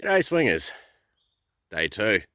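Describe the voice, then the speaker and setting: A man's voice: lowish voice, wildly swooping pitch, takes it slowly, pushed and bright, no room sound, studio quality. An Australian man hosting a casual metal detecting vlog outdoors in the bush, talking in a laid-back, slangy way and chuckling often. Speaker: host.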